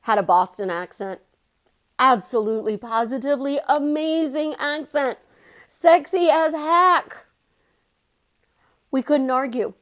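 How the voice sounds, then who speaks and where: Animated, high-voiced woman life coach. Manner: animated, jumps pitch for emphasis and quotes. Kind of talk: casual vlog monologue.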